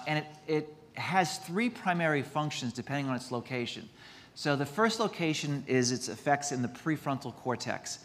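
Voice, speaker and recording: A man's voice: mid-range voice, in a large hall. A man, a doctor, giving a conference lecture in a chatty, self-deprecating way, mixing medical points with stories.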